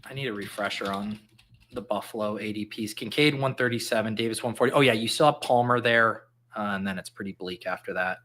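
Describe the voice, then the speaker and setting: During a fantasy football draft, a male podcast host chats casually, reeling off names and numbers and spinning jokey stories. His voice sits on the low side, with a fairly bright tone and a brisk delivery.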